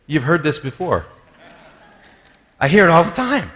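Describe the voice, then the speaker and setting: A man's voice: fairly high pitch, very animated, measured pace, fairly bright tone. Man teaching with humor in a reverberant hall. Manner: conversational, acts out quoted voices, self-deprecating jokes. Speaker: speaker on spiritual formation. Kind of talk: lively teaching talk with humor. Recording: long reverb of a large hall.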